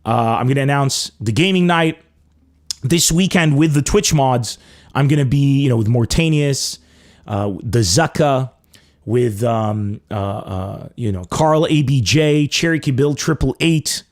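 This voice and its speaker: A young man hosting a comedy podcast, telling stories in a loose, animated way and swearing freely. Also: mid-range voice, unhurried. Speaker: podcast host. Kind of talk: casual comedic monologue.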